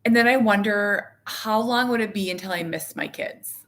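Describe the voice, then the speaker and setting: A woman's voice: medium pitch, moderate pace, a bit bright. A woman in her thirties talking casually to camera as a mother and vlogger, frank and self-mocking, with lots of fillers. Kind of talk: casual candid chat to camera.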